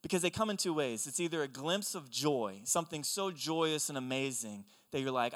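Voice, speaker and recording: A young man preaching a sermon, telling stories in an animated, conversational way. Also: fairly high pitch, moderate pace, few pauses. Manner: animated storytelling, excitable and conversational. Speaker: pastor. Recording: long hall reverb.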